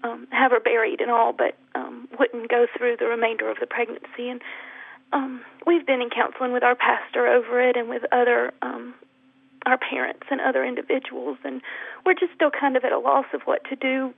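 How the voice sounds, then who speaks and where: A woman calling in to a radio show, speaking softly and haltingly with many pauses. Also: a little high, little pitch movement, gravelly, husky, no echo. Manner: soft, halting, many ums. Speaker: caller. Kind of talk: emotional phone-in call. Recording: tinny phone line.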